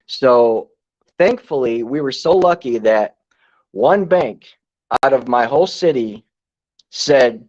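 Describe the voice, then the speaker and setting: Man in his forties, laid-back storyteller, casual swearing, mid-pitched voice, dull lo-fi recording. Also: expressive, takes it slowly, pauses often, darkish tone. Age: 40s. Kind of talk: casual podcast chat.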